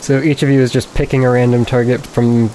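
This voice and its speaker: A man running a tabletop game as game master, giving calm, unhurried rulings. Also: mid-range voice, a little hiss or hum.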